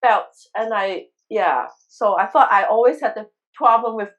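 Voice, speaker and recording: A woman's voice: medium pitch, moderate pace, dull audio. A woman guest telling a personal story in a conversational interview, earnest and emotional, often restarting her sentences. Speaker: guest, crystal healer.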